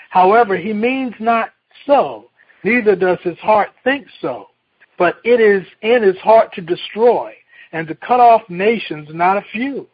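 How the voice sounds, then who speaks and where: A male pastor preaching a sermon, telling a children's story in a folksy, animated way before reading scripture. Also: sits high, husky. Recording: dull lo-fi recording.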